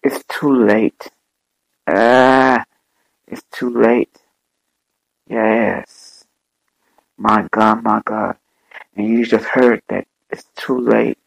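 A man preaching a fervent sermon as bishop and podcast host, repeating his phrases in slow, drawn-out, dramatic delivery. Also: lowish voice, steady tone, creaky, no room sound, rough recording.

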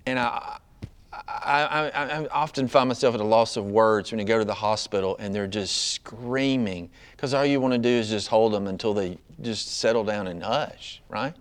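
A man preaching a sermon as a pastor, conversational and often asking the congregation "right?", building to loud, high emphasis. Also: normal speed, clear, resonant tone.

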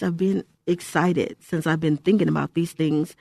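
A woman's voice: low-pitched, fairly even intonation, moderate pace, vocal fry, darkish tone, no room sound. Older woman, Christian radio host, emphatic, exhorting; dry close studio sound. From Houston, Texas. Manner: emphatic, exhorting, repeats phrases. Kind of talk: radio ministry talk.

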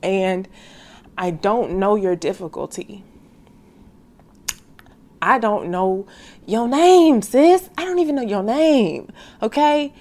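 A woman's voice: mid-range voice, darkish tone. A woman hosting a devotional podcast who talks straight to her listeners in a slangy, heartfelt way. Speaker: faith podcast host. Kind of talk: casual devotional podcast monologue.

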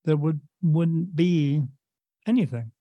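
A man's voice: a little high, slow, dark tone, dry recording. A man hosting an interview, talking emphatically with repeated words and stammered restarts. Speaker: podcast host. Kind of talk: casual interview chat.

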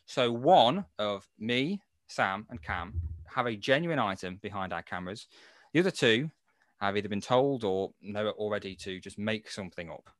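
A man's voice: lowish voice, animated, moderate pace, dry recording. A man hosting a casual podcast quiz, explaining the rules with playful asides. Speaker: quiz host.

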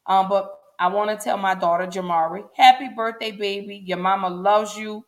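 A woman's voice: medium pitch, flat delivery, moderate pace. Woman, 40s, livestream host, chatty and emotional, addresses viewers directly. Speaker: show host. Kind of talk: casual livestream talk.

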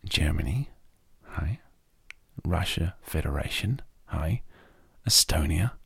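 Australian man, very low voice, breathy and husky, slow soft sleep-podcast talk, drifting into whispers. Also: lively intonation, dry recording.

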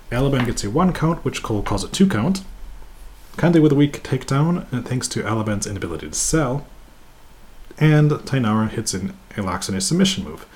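A man's voice: medium pitch, a little mellow. A man hosting a podcast, reading a scripted wrestling review with sarcastic, mocking asides and crude jokes.

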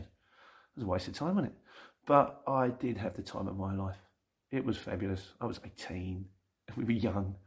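A middle-aged man with a London accent talks through viewer questions on his channel. His voice sits in a mid range with a gravelly, creaky texture. He rambles along in a chatty, self-mocking way. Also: medium pitch. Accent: London English. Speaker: YouTube channel host. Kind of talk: casual Sunday Q&A reading viewer comments.

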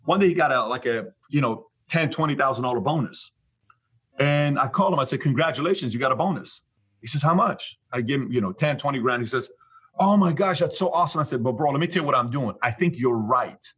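A man's voice: medium pitch, fast, a bit bright, breathy edge. A man from Iran, a guest in an interview, telling stories and acting out both sides of past conversations. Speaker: guest, business leader. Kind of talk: storytelling in an interview.

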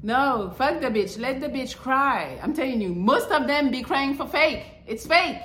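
A woman's voice: high-pitched, a little slow, roomy sound, a little hiss or hum. A woman hosting a podcast, giving blunt, crude relationship advice and mocking the people she describes. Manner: crude, animated, swings into mocking quoted voices. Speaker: podcast host.

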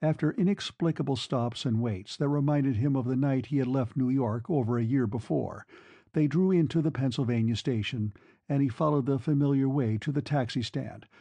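A man narrating a classic novel in a measured, expressive audiobook reading. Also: medium pitch, no echo.

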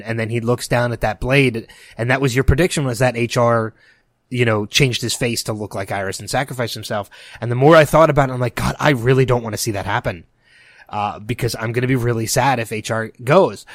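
Man co-host for a casual chat show; emotional, rambling delivery, mid pitch, dry booth sound. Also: fairly bright tone, dry recording. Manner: emotional, rambling with many restarts. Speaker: podcast co-host.

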